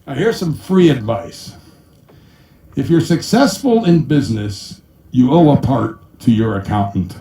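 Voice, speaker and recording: A man's voice: lively intonation, unhurried, mellow. Man telling accountant jokes in an echoey room. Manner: punchy, sells punchlines with 'ba-boom', acts out clients in high voices. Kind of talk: stand-up joke telling. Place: small room with a live audience. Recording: echoey room, mic at a distance.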